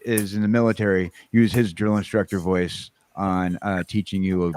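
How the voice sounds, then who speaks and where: A man's voice: low voice, little pitch movement, normal speed, a little mellow, smooth, no room sound. A man hosting a casual livestream chat, rambling with lots of fillers and restarts. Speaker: host.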